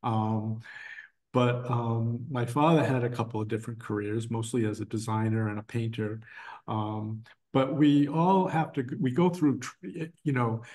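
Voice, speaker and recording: A man's voice: mid-range voice, steady tone, measured pace, darkish tone. A middle-aged man speaking as a guest in a casual interview, rambling with many restarts and fillers. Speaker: guest, designer and art professor. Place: his art gallery.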